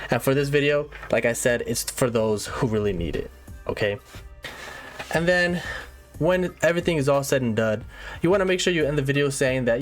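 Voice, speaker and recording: A man hosting a satirical tutorial monologue, mock-serious and lively, checking in with "all right?" again and again. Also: medium pitch. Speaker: comedic YouTuber host.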